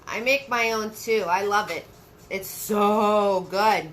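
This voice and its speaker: A woman's voice: mid-range voice, slow pace, a bit bright, slight background noise. A woman hosting a live painting lesson, giving step-by-step brush instructions, repeating her key phrases and chatting with viewers by name. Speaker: paint party instructor and host.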